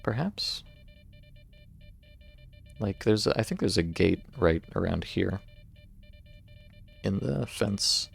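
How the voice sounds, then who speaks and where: American guy doing a game stream, super gravelly low voice, dry sarcastic jokes, faint music behind. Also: lively intonation, takes it slowly, long pauses. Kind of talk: let's-play commentary, reading in-game text aloud.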